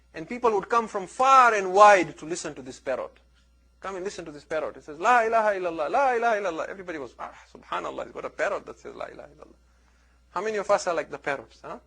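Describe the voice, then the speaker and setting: A man's voice: sits high, pushed and bright. Emphatic male religious lecturer. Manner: storytelling, emphatic with dramatic rises and drops.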